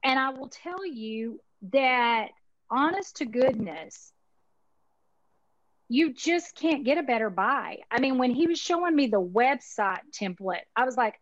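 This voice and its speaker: With a high, animated voice at a measured pace, a woman in her fifties from Texas chats as a guest in a laid-back interview. She owns an insurance marketing organization and speaks in a folksy, emphatic way, sprinkled with Southern expressions, on a dry, lo-fi recording.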